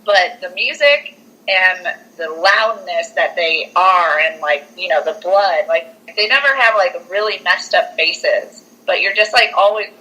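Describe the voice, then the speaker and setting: Her voice is fairly low and she talks a little slowly. This young podcast co-host recaps a film animatedly and informally, filling it with "like" and acting out what characters say, on a rough recording.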